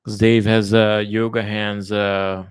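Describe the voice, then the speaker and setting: A man with a somewhat low voice talks casually to his viewers. He rambles through stories with lots of fillers and easy swearing. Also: takes it slowly, smooth. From lives in a tourism-based place, has lived abroad. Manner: relaxed, rambling, swears often, many fillers. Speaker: channel host chatting with viewers. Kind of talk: casual live chat.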